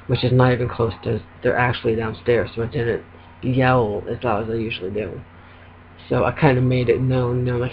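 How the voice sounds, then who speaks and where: A man's voice: medium pitch, slight background noise. A man venting casually to camera from home, rambling with lots of ums and little laughs. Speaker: vlogger. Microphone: laptop webcam. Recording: dull lo-fi webcam audio.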